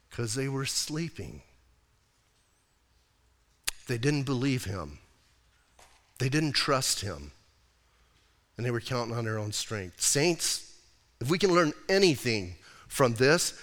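A man preaching a sermon as pastor, in a casual, animated way that acts out the scenes he describes. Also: medium pitch, slow pace, long pauses, in a large hall. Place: church sanctuary.

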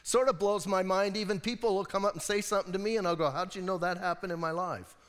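A man preaching a sermon as pastor, telling the story in a lively, conversational way and often checking in with his congregation. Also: sits high, quick pace. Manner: animated storytelling. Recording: long hall reverb from the church.

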